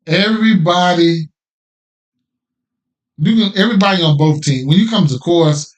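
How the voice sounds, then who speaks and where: A man's voice: high voice, moderate pace, long pauses. Slangy betting podcast host, man. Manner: loose, slangy, repeats himself, keeps asking "right?". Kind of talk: casual betting picks talk.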